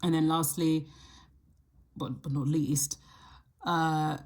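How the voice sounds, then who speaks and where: A woman hosting her astrology channel, talking casually to camera and thinking aloud in a reflective way, with the odd soft laugh. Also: low voice, steady tone, slow pace. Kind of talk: casual solo talk to camera.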